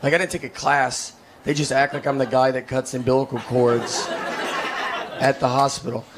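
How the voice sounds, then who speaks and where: A man from Tennessee, in his thirties, doing a rambling, deadpan, self-deprecating stand-up set on a theater stage. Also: mid-range voice, moderate pace. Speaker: stand-up comedian. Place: theater stage with a laughing audience. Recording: live stage recording with clear noise.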